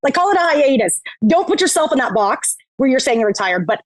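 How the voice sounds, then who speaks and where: A woman's voice: high voice, sing-song, brisk, no room sound. A woman guest on a podcast, talking candidly with a lot of swearing and laughter. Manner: candid, profane, laughs often. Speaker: podcast guest, reality TV competitor. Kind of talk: casual chat.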